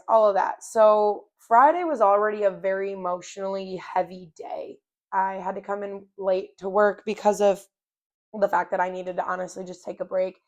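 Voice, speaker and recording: A young adult woman hosting a podcast, telling a personal story in a candid, rambling way with self-mocking humor. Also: medium pitch. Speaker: podcast host. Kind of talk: casual personal storytelling monologue.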